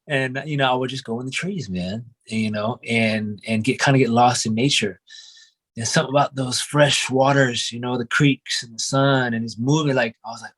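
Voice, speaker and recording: Man, young adult, qigong teacher, casual reflective storytelling, loose filler-heavy speech, mid-pitched voice. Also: steady tone, moderate pace. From United States (grew up in Oregon). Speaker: qigong and breathwork instructor, guest.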